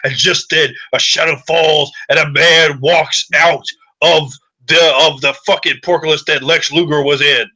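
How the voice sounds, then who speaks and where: A man's voice: a little high, fairly even intonation, a little slow, poor audio. Hyped, swearing male game master. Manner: loud, swearing, hyped play-by-play. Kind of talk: narrating a tabletop game like wrestling commentary.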